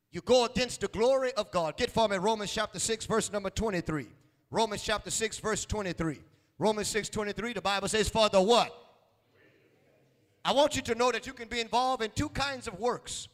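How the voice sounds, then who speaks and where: High-voiced preacher shouting in a hall. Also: male voice, fairly quick. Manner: call-and-response preaching, repeats lines, rising to shouts. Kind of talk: sermon. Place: church sanctuary.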